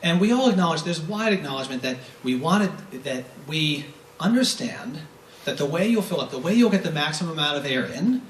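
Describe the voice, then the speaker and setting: A man leads a brass masterclass, explaining breathing step by step and answering his own rhetorical questions. His voice sits a bit high for a man. It is picked up from a distance in a reverberant room with faint background noise. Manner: explanatory, poses rhetorical questions and demonstrates vowel sounds. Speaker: brass teacher giving a masterclass. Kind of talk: masterclass lecture. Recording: roomy echo from a distant mic, faint noise.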